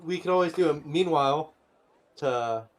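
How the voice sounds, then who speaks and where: A man playing a tabletop game, checking details in a relaxed, conversational tone. His voice sits a little high. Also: moderate pace. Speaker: player. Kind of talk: casual tabletop chat.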